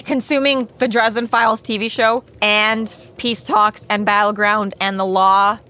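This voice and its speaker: A woman's voice: medium pitch, level tone, unhurried, pushed and bright. A woman co-hosting a podcast in casual chat, who laughs often while telling funny stories. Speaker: podcast co-host.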